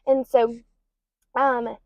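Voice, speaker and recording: A young woman hosts a confessional podcast, talking openly and a bit rambling, with lots of ums and likes. Her voice sits a little high and has a gravelly fry to it. The recording is close and dry but slightly dull and lo-fi. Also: level tone, drawn-out words, dry recording. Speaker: podcast host. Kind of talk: personal confessional podcast talk.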